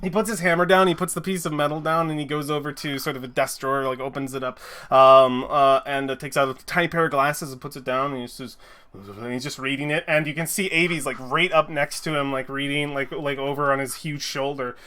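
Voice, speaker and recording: A man narrating as game master in a tabletop game, animated and full of fillers. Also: medium pitch, brisk.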